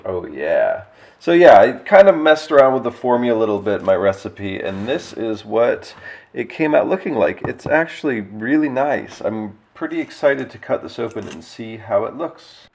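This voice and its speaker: A man's voice: medium pitch, very animated, normal speed, creaky, darkish tone. A young man chatting casually in a daily vlog, rambling and laughing easily as he talks to his viewers. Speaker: vlogger.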